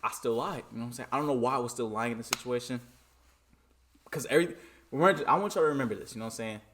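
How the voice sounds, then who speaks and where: A man from Michigan telling a story in a casual vlog, animated and dramatic, often repeating "you know what I'm saying.". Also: mid-range voice, racing, slight background noise. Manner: dramatic re-enacting of dialogue.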